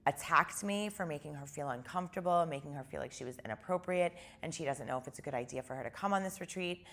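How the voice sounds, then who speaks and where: A woman guest in a casual interview, retelling events in an animated way and using "like" a lot. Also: low voice, quick pace. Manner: animated retelling, heavy use of "like".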